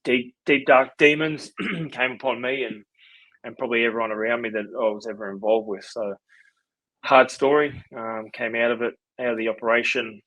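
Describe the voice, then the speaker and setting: A man in his forties with an Australian accent, a podcast guest telling his story in a relaxed, rambling way with lots of fillers. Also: medium pitch, moderate pace, no echo, low-quality recording. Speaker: podcast guest, former rugby league player. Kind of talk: casual storytelling interview.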